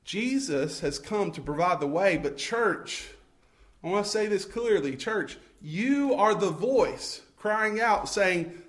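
A male pastor delivers a sermon at an unhurried pace, his voice sitting a little high. He talks in a conversational way, correcting himself and making asides. He acts out little scenes and then rises into fervent appeals. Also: expressive, a bit bright. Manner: preaching with rising intensity, acting out scenes.

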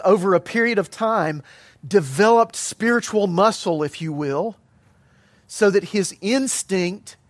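High-voiced man preaching a sermon. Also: no room sound. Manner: earnest, emphatic preaching with measured pauses. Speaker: pastor.

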